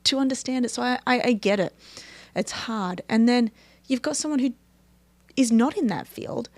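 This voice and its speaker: A woman's voice: a little high, moderate pace, no room sound. A woman, a guest talking emphatically and animatedly in a casual podcast conversation. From Australia.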